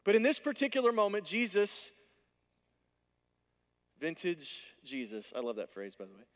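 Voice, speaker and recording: A man preaching a sermon from a church stage, his voice sitting a little high for a man. He tells the story with lively animation and slips into the characters' lines. His words ring out with a long reverb from the hall. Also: moderate pace. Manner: animated storytelling, acting out dialogue. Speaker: pastor.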